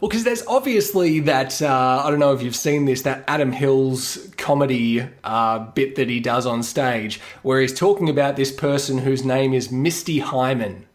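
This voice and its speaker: A man, co-hosting a podcast in casual chat, rambling with hedges and acting out quick mock dialogues. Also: medium pitch. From Australia. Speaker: podcast co-host.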